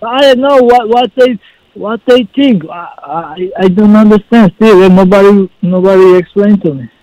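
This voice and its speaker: A man calling in as a fighter guest, telling his story earnestly in halting, broken English. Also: sits high, dark tone, no echo, poor audio. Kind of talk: phone-in interview. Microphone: phone call.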